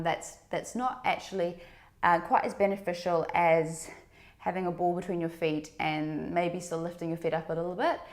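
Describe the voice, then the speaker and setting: A woman fitness instructor leading a workout, giving calm breathing and movement cues with chatty asides. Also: fairly low pitch.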